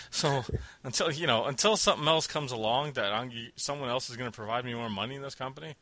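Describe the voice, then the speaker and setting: A man tells a rambling workplace story in easy conversation, laughing as he goes and slipping into silly voices for the people he quotes. His voice is bright and tense, recorded close and dry. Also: medium pitch, a little fast, no room sound. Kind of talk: casual chat, storytelling.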